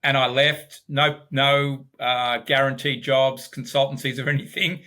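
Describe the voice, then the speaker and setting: A man's voice: medium pitch, steady tone, unhurried, bright, forceful tone. A middle-aged man with an Australian accent, a podcast guest telling his career story reflectively, often repeating words as he starts. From Sydney, Australia. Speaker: guest, business founder. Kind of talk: podcast interview.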